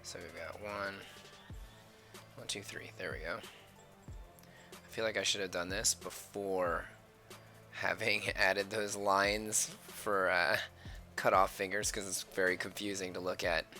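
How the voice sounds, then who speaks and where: A fairly low-voiced man with a gravelly, creaky edge and a bright, forceful tone, chatting casually from home as he sketches on a live stream. He drifts between friendly talk and quiet muttering or whispering to himself while he works. Soft music plays faintly behind him. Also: little pitch movement, takes it slowly, long pauses. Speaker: artist live-streaming his drawing.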